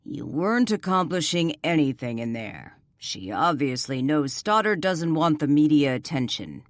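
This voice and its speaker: A calm male police chief, measured and authoritative, low in the voice, as a woman narrator plays him. Dry, close sound. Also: dry recording.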